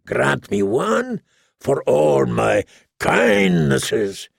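A man voicing a sly, greedy male merchant prince who teases and bargains in a slow, drawling way. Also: on the high side, big pitch swings, gravelly, dry recording, studio quality, full character voice. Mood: sly wheedling.

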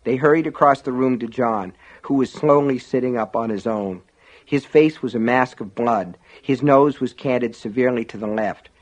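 A man reading an audiobook in a measured, dramatic storytelling manner. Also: mid-range voice. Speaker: audiobook narrator. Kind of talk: scripted audiobook narration.

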